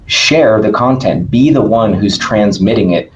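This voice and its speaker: A man talking as a podcast guest in casual conversation, energetic and emphatic, often checking in with "right?". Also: fairly low pitch, measured pace, slight background noise, low-quality recording.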